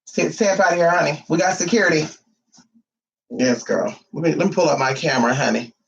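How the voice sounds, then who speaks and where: A man vlogging casually from home, sassy and profane, cooing baby talk at his dog, his voice a little hoarse. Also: fairly high pitch, a little fast, muffled recording. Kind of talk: casual chat to camera.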